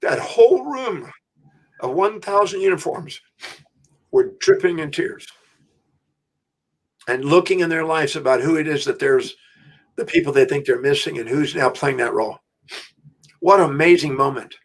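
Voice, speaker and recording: A middle-aged man, an interview guest, telling a story in an animated, emphatic way, with restarts. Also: on the high side, moderate pace, long pauses. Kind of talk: storytelling anecdote.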